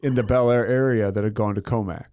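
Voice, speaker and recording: A man hosting a podcast, interviewing a guest in a relaxed, casual way. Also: on the low side, quick pace, clean tone, no echo. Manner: relaxed and casual, with friendly asides. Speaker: podcast host. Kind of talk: conversational interview.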